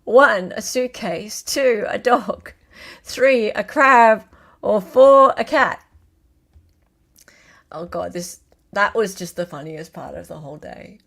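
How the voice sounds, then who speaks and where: A woman's voice: mid-range voice, animated, slow, creaky, long pauses, a bit bright. An Australian woman hosting a casual live-stream trivia quiz, playful and chatty as she reads out multiple-choice answers.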